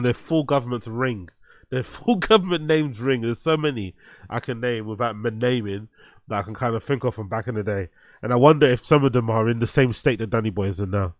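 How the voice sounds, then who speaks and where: A man's voice: mid-range voice, fairly quick, no room sound, clean studio sound. A man with a London accent hosting a show, reacting to a clip with loose, laughing commentary, heavy slang and swearing. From England. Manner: laughs a lot, swears freely, street slang. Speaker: show host. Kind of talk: casual commentary over a clip.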